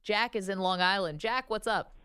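A woman co-hosts a sports talk show in an upbeat, lively way. Her voice is smooth and clear, recorded close and dry. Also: medium pitch, moderate pace, no echo. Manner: lively, laughs often, upbeat. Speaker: sports radio co-host.

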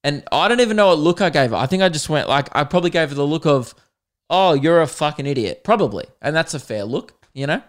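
A man's voice: on the high side, fast, hardly any pauses. Rambling young Australian man telling stories. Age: young adult. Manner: animated, rambling, swears often. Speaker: podcast host. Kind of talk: comedic storytelling.

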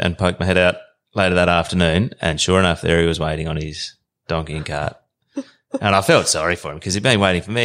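Male podcast guest, low voice, easygoing rambling storyteller. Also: fairly bright tone.

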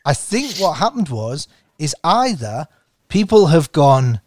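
A man's voice: sits high, big pitch swings, moderate pace, dry recording, clean studio sound. A man hosting a podcast, chatting in rambling, giggly tangents. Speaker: podcast host. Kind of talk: casual chat.

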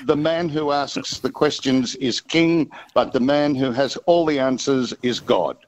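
A man's voice: mid-range voice, a little slow, poor audio. An older Australian man, a guest on a sports radio show, telling jokes and stories in playful banter. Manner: playful storyteller, repeats "I tell you what". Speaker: guest, former TV host.

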